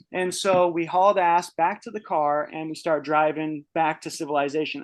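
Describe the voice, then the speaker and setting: A man in his early thirties telling a personal story on a podcast, casual and rambling, swearing freely with many restarts. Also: on the high side. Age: 30s. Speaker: podcast guest.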